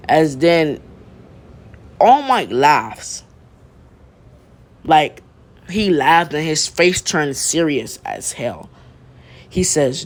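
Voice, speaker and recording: A man's voice: a little high, animated, takes it slowly, long pauses. A young man casually retelling a fan story, rambling with restarts and slang.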